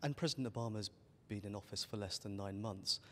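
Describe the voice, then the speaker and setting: A lower-voiced man puts polite, carefully worded questions as an interviewer. A long reverb trails behind his voice. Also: brisk, sharp tone, a little hiss or hum. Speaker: interviewer, editor.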